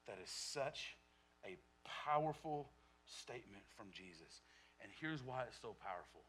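A man preaching a sermon to his church, dropping to a near whisper and then rising to loud shouts, repeating phrases for emphasis. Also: medium pitch, expressive, measured pace, a little hiss or hum. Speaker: pastor.

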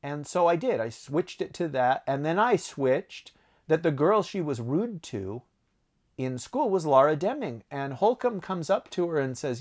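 A man's voice: fairly high pitch, sing-song, measured pace. A man talking casually about his own writing, rambling, correcting himself and laughing at his stories. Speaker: author answering reader questions. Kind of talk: casual chat.

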